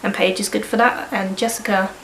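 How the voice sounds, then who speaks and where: This candid vlog comes from a young woman, early 20s, who has a cold and talks in a loose, rambling way with casual cursing. She speaks fairly quickly in a steady, mid-range, fairly bright voice. The audio is rough and roomy, carrying a faint hiss or hum.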